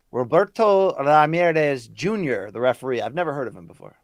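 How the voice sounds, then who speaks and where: A man's voice: a little high, dry recording, studio quality. A man co-hosting a live watch-along, teasing his co-host and prodding him with questions.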